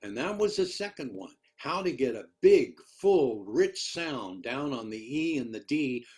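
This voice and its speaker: A man's voice: medium pitch, big pitch swings, measured pace, a little mellow. An older man, a retired orchestral musician, telling rambling anecdotes in a conversational discussion and often repeating words as he searches for them. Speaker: interviewee, retired orchestral piccolo player.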